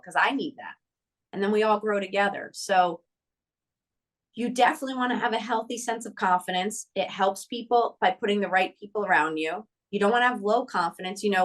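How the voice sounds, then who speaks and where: Animated woman coaching with emphatic energy. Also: mid-range voice. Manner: animated, acts out quoted dialogue. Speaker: mental skills coach. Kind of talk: podcast interview.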